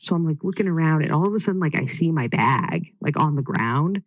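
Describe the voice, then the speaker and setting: A woman's voice: sits low, animated, brisk, dry recording. A woman casually telling a race story in a rambling way, full of fillers. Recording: dull lo-fi dry sound.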